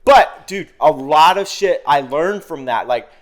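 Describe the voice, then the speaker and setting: A man's voice: on the high side, a little slow. A man telling a story on a podcast, casual and profane, acting out what he and others said. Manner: animated, profane, acts out his own quotes. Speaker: podcast guest.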